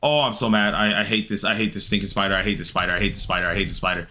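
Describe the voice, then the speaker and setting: A man streaming a game live, chatting casually with viewers and grumbling loudly at the game in an excitable way. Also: on the low side, fast talker. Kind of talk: live-stream gameplay commentary answering chat.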